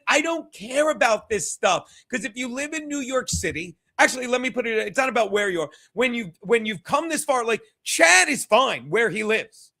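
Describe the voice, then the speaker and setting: A man's voice: extremely high pitch, gravelly, bright, forceful tone. A stand-up comedian, a man, giving a rambling, profane, combative rant as stream commentary.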